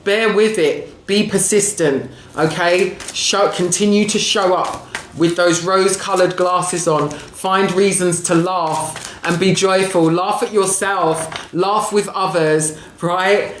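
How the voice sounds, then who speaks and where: A woman's voice: on the low side, steady tone, slow pace. A woman giving a live-streamed oracle reading, affectionate, calling viewers darling and sweetie, often asking "right?" and laughing as she talks. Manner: laughs often while talking. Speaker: spiritual reader and coach. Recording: echoey room with faint background noise.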